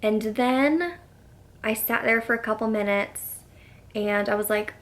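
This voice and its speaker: A young woman vlogger chats to the camera while recounting a personal story, her voice slightly high and her pace measured. She fills her talk with "like" and sometimes slips into a soft whisper when quoting herself.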